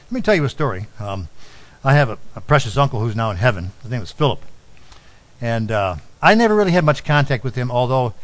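A middle-aged man preaching a sermon, telling a personal story and dropping to a soft, low voice on key lines. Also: sing-song, fast, rough recording. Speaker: pastor.

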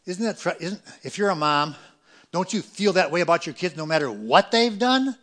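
Man preaching a sermon, loud and soft. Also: high voice, lively intonation. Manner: swings between loud emphatic peaks and quiet, fast asides. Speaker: pastor.

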